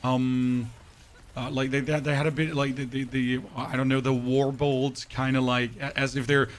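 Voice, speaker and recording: Monotone man streaming a game. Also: mid-range voice, moderate pace, slight background noise. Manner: monotone, dry delivery. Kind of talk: casual live-stream chat while gaming.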